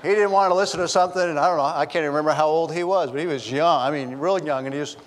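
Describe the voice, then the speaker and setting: A middle-aged pastor with a slightly high voice preaches very fast in a church sanctuary, where a long reverb tail and a little hiss or hum are audible. He tells funny family stories with humor and banters in chatty asides to the congregation.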